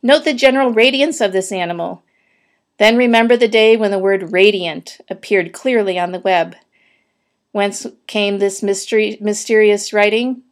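A woman's voice: mid-range voice, normal speed, lightly acted. A woman voicing a pompous male county fair announcer who makes grandiose, flowery speeches in a storybook reading.

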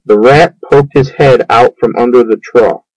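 A man reading a children's book aloud, in an unhurried, measured way. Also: mid-range voice, a little mellow, no room sound, low-quality recording. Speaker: storyteller.

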